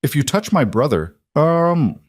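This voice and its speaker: A man's voice: on the high side, very animated, a little slow, no echo, studio quality, pitched above the performer's own voice. A man voicing a tense, defiant young female nurse who asks pointed questions.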